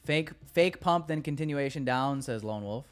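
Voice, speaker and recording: Dude streaming his trades, smooth clear voice, cracks jokes and swears, faint music behind. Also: medium pitch, normal speed. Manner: loose, joking, profane banter with chat. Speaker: day trader streaming live. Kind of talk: casual live-stream commentary.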